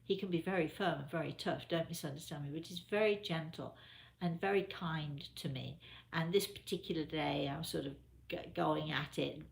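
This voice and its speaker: Gentle advice flows from an older woman, a spiritual medium, as she casually chats through a live question session and repeats herself. Her voice is low-pitched and carries vocal fry.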